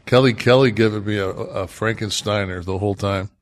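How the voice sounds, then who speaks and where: A man in his sixties co-hosting a podcast, talking casually in a rambling, profane way, full of halting restarts. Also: lowish voice, no room sound, clean studio sound. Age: 60s. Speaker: podcast co-host. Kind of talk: casual chat.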